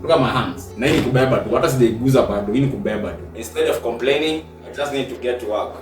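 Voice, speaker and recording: A Kenyan man vents in frustration while filming his vlog, standing back from the mic in a roomy, echoing space. Music plays clearly behind him. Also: medium pitch, rapid-fire, distant mic. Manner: frustrated venting, mixing English and Swahili. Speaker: vlogger. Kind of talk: casual on-location vlog talk.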